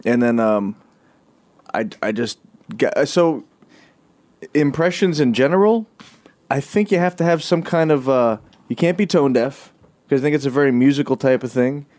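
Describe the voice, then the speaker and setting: A man in casual podcast talk, loose and profane, laughing between lines. His pitch sits in a plain middle range. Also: normal speed, pauses often, a little mellow. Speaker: impressionist guest.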